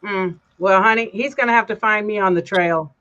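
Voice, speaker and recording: Lively woman telling a chatty story. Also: mid-range voice, normal speed. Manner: animated storytelling, acts out quoted voices. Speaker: host. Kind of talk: casual chat. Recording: dull lo-fi stream audio.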